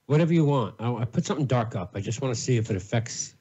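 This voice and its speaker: A man's voice: medium pitch, animated, fast talker, dark tone, breathy edge, muffled recording. A man co-hosting a livestream over a video call, telling stories in an offhand, wry way. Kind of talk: casual livestream chat.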